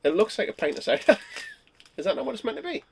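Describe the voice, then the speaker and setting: A man's voice: sits high, very animated, fast talker, creaky. A man vlogging as he tastes snacks, talking casually and laughing often. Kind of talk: casual snack tasting chat.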